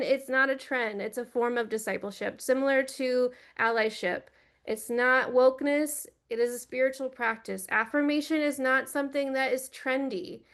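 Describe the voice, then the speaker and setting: A woman giving an earnest, direct teaching talk for a church, speaking into a computer microphone on a video call. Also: fairly high pitch. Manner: earnest, direct, gently instructive.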